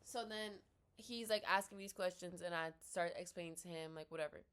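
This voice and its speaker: A woman's voice: fairly low pitch, a bit bright, clean tone. A young woman telling a story in a casual rant, blunt and swearing freely, acting out both sides of a conversation. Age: young adult. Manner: blunt, swears freely, quotes herself and others in quick dialogue. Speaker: vlogger. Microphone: laptop built-in mic.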